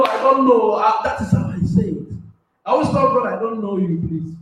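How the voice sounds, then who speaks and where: A man preaching a sermon on a radio platform, swinging between loud shouting and soft asides and laughing often. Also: very high voice, expressive, moderate pace, heavy reverb, far from the mic, a little hiss or hum, low-quality recording.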